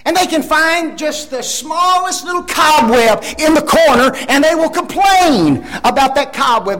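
A man's voice: extremely high pitch, lively intonation, unhurried, few pauses, a bit bright. A man preaching a Sunday sermon, emphatic and fond of rhetorical tag questions.

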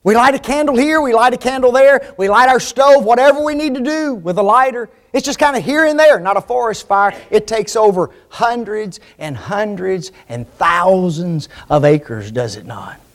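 A man's voice: high voice, lively intonation, moderate pace, few pauses. A man preaching a sermon to a congregation, driving points home with repeated phrases and tag questions. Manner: rhetorical tag questions, emphatic repetition.

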